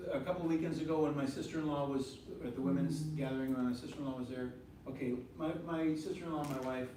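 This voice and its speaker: A man's voice: mid-range voice, recorded from a distance, slight background noise. Man teaching a class in an echoey room. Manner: conversational, repeats points, asks the class questions. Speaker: ministry teacher. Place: meeting room with a group.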